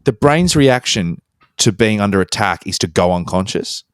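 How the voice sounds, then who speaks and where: Low-voiced man musing quietly. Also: animated, moderate pace, smooth, dry recording, studio quality. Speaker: podcast co-host. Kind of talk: casual chat.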